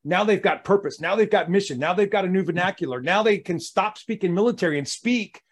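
A man's voice: sits high, quick pace. A male podcast host talking with energy and emphasis, acting out little quotes as he makes his points. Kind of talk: casual podcast conversation.

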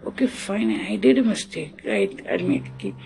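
A storyteller with an Indian English accent, talking casually and haltingly, acting out the dialogue and switching into Hindi now and then. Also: mid-range voice, huge pitch swings, gravelly, a little mellow. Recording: music playing behind the voice.

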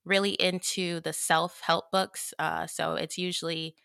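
A woman hosting a podcast, telling a story in an animated, chatty way with casual swearing and plenty of "like". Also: fairly low pitch, unhurried, creaky, smooth, no echo, studio quality. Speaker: podcast host.

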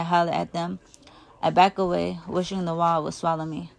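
A woman reads a first-person novel aloud, her voice low-pitched and full of gravelly fry. She reads expressively, getting louder when the characters shout. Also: level tone, moderate pace. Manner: emotive, raises volume for shouted lines. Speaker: audiobook reader.

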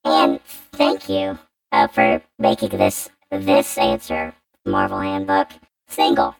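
A man's voice: deep voice, huge pitch swings, takes it slowly, creaky, rough recording. A man hosting a podcast through a robotic voice changer, chatty and hesitant with many fillers. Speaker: podcast host. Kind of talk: casual podcast chat. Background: music.

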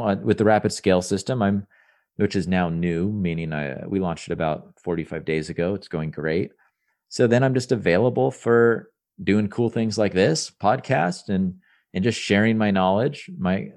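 A man in his thirties with a deep, low voice talks in a casual podcast interview. He rambles upbeat and earnest, stumbling over restarts and repeated words as he goes. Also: a little mellow. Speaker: entrepreneur guest.

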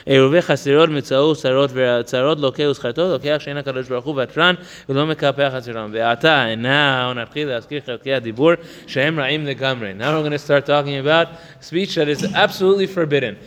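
A man teaching a religious text. He reads Hebrew passages quickly, explains them in English in a chatty way, and often asks "right?". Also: medium pitch, fairly bright tone, in a large hall. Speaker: Torah teacher. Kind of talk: text study lesson.

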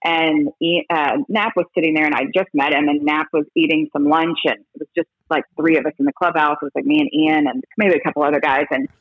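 A woman who reports on baseball broadcasts, chatting in an interview as an animated storyteller who restarts her sentences a lot. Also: low voice, fast talker, hardly any pauses, breathy edge, no echo, phone-quality sound. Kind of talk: casual interview talk.

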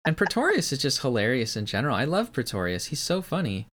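A man co-hosting a podcast, discussing an old film with enthusiasm and halting often with fillers. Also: mid-range voice, wildly swooping pitch, a bit bright. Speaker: podcast co-host.

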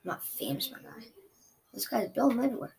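A young woman commenting live on her own gameplay, chatty and excitable, trash-talking her opponent. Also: fairly high pitch, brisk, gravelly. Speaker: gaming streamer.

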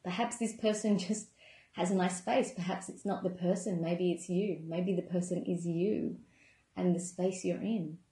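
Mellow-voiced woman coach in an echoey room. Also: on the low side, normal speed. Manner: calm, gentle, conversational, with many "you know" asides. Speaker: wellness coach running a membership program. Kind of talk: reflective self-help talk.

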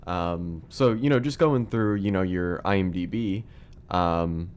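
A man with a very deep voice hosts a relaxed podcast interview. His questions come out loose and full of fillers as he feels his way through them. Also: a little slow, clean tone. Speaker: podcast host. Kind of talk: casual interview.

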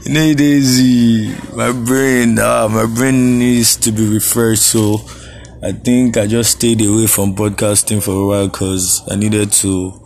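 A man's voice: lowish voice, a little hiss or hum. A young Nigerian man hosting a casual solo podcast, laid-back, laughing often and slipping into Pidgin phrases. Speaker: podcast host.

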